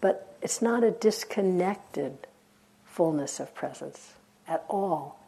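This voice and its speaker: A woman meditation teacher giving a dharma talk in a gentle, unhurried way, with reflective pauses. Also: fairly low pitch, animated, creaky, husky.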